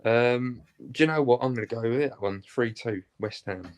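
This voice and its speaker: A man on a football chat panel, jokey and hesitant, thinking his predictions through out loud. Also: medium pitch, normal speed. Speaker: regular panelist.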